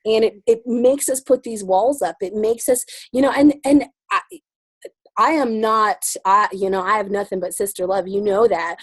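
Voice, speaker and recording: Woman leading a group talk, kinda husky, dry close sound, earnest, keeps circling back on her words. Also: medium pitch, normal speed, no room sound. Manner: earnest, searching for words, repeats herself. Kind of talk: reflective group discussion.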